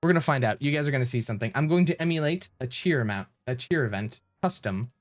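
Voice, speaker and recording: A man's voice: medium pitch, expressive, fast talker. A man live streaming, flustered and rambling as he fiddles with his stream settings and thanks viewers.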